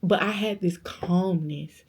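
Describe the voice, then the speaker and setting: A young woman vlogger telling a personal story in a casual chat, lively and dramatic as she acts out the quoted voices of others. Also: fairly low pitch, takes it slowly, husky. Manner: faith-filled, speaks of God, conversational.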